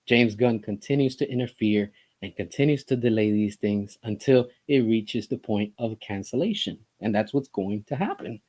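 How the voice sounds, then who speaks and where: A man's voice: lowish voice, animated, moderate pace, few pauses, a little mellow. A man giving an opinionated commentary monologue as a vlogger, talking in an impassioned, emphatic way full of rhetorical questions.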